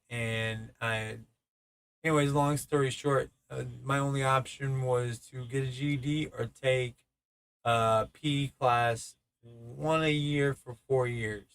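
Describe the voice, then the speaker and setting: Hosting his podcast solo, a man in his thirties tells casual stories in a rambling, profane manner, with plenty of stammering and restarting. His voice is mid-range and fairly bright.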